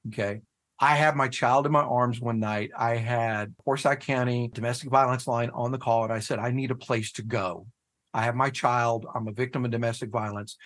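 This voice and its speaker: A man speaking casually on a podcast, mid-pitched, with a loose, profane delivery. He tells his story animatedly, often jumping into loud, incredulous outbursts. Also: normal speed. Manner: animated storyteller, swears freely, jumps to shouting disbelief. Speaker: guest, head of a fathers' nonprofit.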